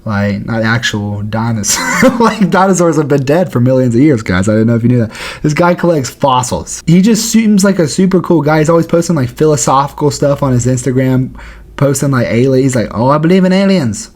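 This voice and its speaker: A man gives casual, slangy commentary in a lively voice that rises and falls a lot. His tone is jokey and relaxed. He speaks in a mid-range pitch. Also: fairly quick. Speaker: YouTube host.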